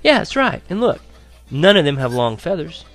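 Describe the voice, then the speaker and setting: A man's voice: medium pitch, animated, fairly quick, soft background music, pitched above the performer's own voice, lightly acted. A man voicing a cocky know-it-all boy who teases his friend in a brash way. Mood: sure of himself. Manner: brash, teasing.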